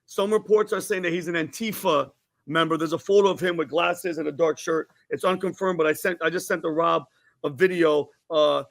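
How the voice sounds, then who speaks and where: Angry fired-up guy on a podcast, high voice, blunt and heated. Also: a little fast, vocal fry, fairly bright tone. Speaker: podcast co-host. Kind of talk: panel discussion.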